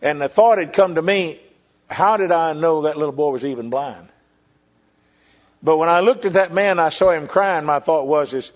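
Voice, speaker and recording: An older pastor shares a heartfelt testimony in a sermon, often pausing and returning to his own words as the story unfolds. For a man, his voice is slightly high. The audio is muffled and low-fidelity.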